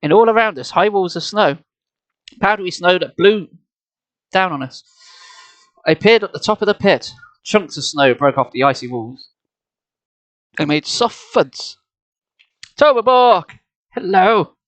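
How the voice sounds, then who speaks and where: A man with a high-pitched, slightly bright, expressive voice reads a children's horror book on a live stream, going a little slowly with long pauses. Between the bits of narration he jokes around and pokes fun at himself, recording at home on a desk mic and laptop.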